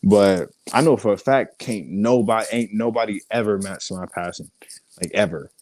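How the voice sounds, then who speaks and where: Lively young man with a drawl. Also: lowish voice, normal speed. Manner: animated storyteller, acts out quotes, swears freely. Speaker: guest artist and actor. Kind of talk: casual interview.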